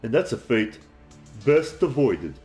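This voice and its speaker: Man doing a calm, ominous ghost. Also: medium pitch, music in the background. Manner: measured, formal warnings. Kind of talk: game dialogue read aloud.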